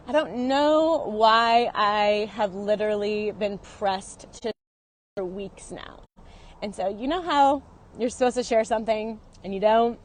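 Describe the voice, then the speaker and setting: A woman's voice: mid-range voice, unhurried. A woman sharing a personal story in a confessional vlog, earnest and openly emotional, talking into her phone in and around her car. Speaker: vlogger.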